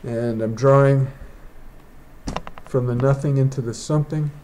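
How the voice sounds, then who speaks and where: A man's voice: mid-range voice, steady tone, moderate pace, mellow, slight background noise. Man thinking aloud while painting digitally. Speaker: digital artist. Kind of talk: casual painting tutorial. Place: indoors, rain outside.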